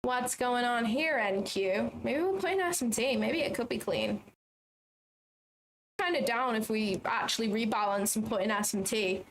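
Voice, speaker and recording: Woman streamer narrating her trades live, chatty and self-mocking, fairly high voice. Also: moderate pace, a little hiss or hum. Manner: chatty, thinks aloud, self-deprecating. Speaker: trading livestream host. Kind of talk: live commentary while trading.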